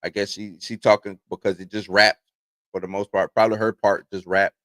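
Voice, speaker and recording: A man's voice: fairly low pitch, level tone, fairly quick, fairly bright tone, no echo. Rambling male livestream host, dry sound. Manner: rambling, conversational, reads news aloud then riffs. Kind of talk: casual commentary livestream.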